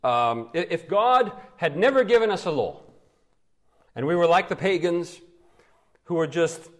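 Lively man preaching a teaching sermon. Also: a little high, unhurried. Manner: lively teaching with rhetorical questions. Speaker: pastor. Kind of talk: expository sermon.

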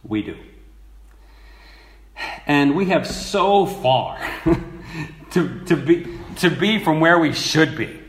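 Man, sermon, slow delivery, animated pitch, slightly high voice, echoey room. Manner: slow, lively teaching with emphatic repetition. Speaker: preacher.

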